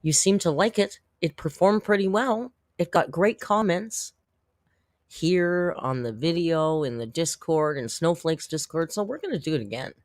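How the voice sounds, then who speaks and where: A man's voice: on the high side, animated, moderate pace, no room sound, clean studio sound. A man hosting a casual livestream, chatting with viewers in a rambling, self-deprecating way and laughing often. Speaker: YouTube commentary host.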